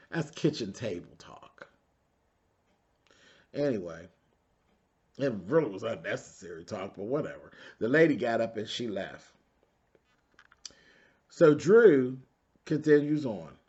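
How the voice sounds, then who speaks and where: A sassy man, recapping reality TV and talking straight to his viewers. His voice sits at a middle pitch, and the recording sounds slightly dull and lo-fi. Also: animated, unhurried, pauses often, a little mellow. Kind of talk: casual TV recap commentary.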